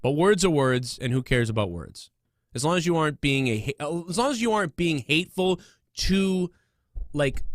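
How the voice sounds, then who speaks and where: A man's voice: medium pitch, dry recording, clean studio sound. A man hosting a comedy podcast, ranting casually with constant fillers, restarts and swearing. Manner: rambling, profane, many fillers and restarts. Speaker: podcast host.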